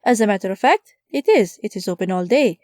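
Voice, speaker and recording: A woman reading an audiobook, voicing a polite, formal male restaurant waiter in a dry, mellow tone. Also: mid-range voice, expressive, fairly quick, no room sound, natural voice. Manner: formal, courteous.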